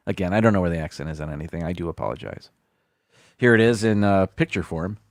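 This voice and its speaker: Male streamer host, casual list-reading, lively up-and-down delivery, dry close mic, trips over words. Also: lowish voice, no room sound. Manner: reads haltingly, stumbles over foreign words, self-deprecating asides. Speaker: livestream host.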